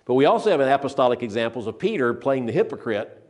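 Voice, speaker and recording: An older man preaching a sermon, earnest and emphatic, who slows down to stress scripture and often repeats and restarts his phrases. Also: mid-range voice, sing-song.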